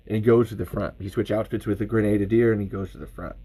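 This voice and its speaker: Animated, profane podcast host. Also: male voice, on the low side, quick pace, breathy edge, rough recording. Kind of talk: casual livestream commentary.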